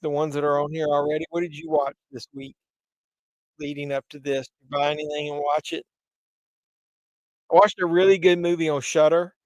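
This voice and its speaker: Male livestream host, slightly high-pitched, chatty and meandering, a little congested; dry close sound. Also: flat delivery, brisk, pauses often, no room sound, low-quality recording. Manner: rambling, chatty, many fillers. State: congested from pollen. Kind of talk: casual livestream chat.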